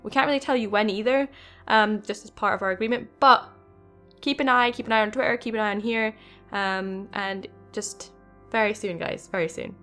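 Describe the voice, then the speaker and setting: A young woman hosting a gaming channel, talking in an excited, rambling way with many fillers. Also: mid-range voice, moderate pace, faint music behind. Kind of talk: casual video game commentary.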